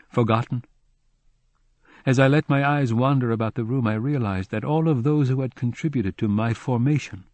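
A man narrating a literary audiobook in a measured, somber first-person reading. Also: mid-range voice, darkish tone, no room sound.

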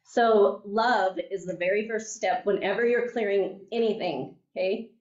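A woman's voice: medium pitch, a little slow, darkish tone. A woman teaching a class, telling a story in a chatty way and often checking in with her listeners. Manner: chatty, keeps checking in with "okay?" and "right?". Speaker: class instructor. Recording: echoey room, mic at a distance, dull sound.

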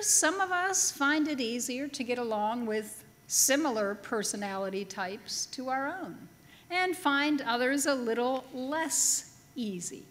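A woman delivers a sermon at an unhurried, measured pace, her voice sitting a little high. She tells her stories with gentle humor. The sound carries the long reverb of a chapel hall. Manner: storytelling with humor, slow and deliberate. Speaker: pastor. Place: large chapel.

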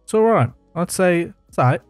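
A man's voice: high-pitched, lively intonation, moderate pace, no echo, faint music behind. A man co-hosting a podcast in casual, joking chat, swearing freely and holding his mic in hand. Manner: swearing, joking, laid-back. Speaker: podcast co-host. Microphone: handheld mic.

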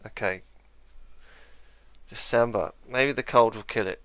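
A man's voice: medium pitch, unhurried, a bit bright, no room sound. A man musing aloud while playing a strategy game, correcting himself and adding dry asides. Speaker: let's play gamer. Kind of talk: casual game commentary.

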